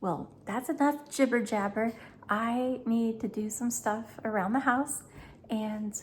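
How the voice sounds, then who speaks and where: A woman's voice: a little high, a little slow, slight background noise. A middle-aged woman, chatting emotionally to camera in a vlog, laughing often. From United States. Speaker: travel vlogger.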